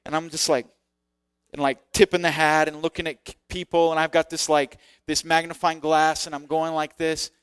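Male preacher, slightly high smooth voice, lively candid storyteller, dry close sound. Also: normal speed, no room sound. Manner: animated, acts out quoted voices; self-deprecating, candid. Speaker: preacher sharing testimony. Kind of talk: sermon storytelling.

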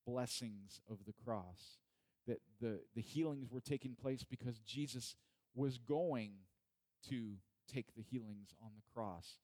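A man's voice: medium pitch, a little mellow. Man teaching a Bible study. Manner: earnest, repeats himself, asks questions of the listeners. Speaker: preacher.

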